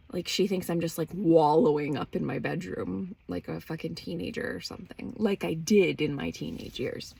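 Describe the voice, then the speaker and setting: A woman hosts a podcast and tells a personal story in a candid, foul-mouthed, casual way. Her voice sits fairly low, with a gravelly fry and a husky, breathy edge. She plays out both sides of the conversations she recounts. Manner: candid and profane, acting out quoted dialogue. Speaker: podcast host.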